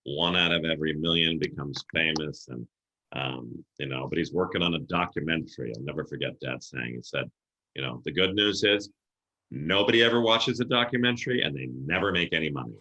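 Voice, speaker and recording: Middle-aged male guest, low bright voice, lively storyteller, roomy echo. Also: fairly quick, dull audio. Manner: animated storyteller acting out quoted voices. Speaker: podcast guest, event planner. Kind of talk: casual storytelling interview.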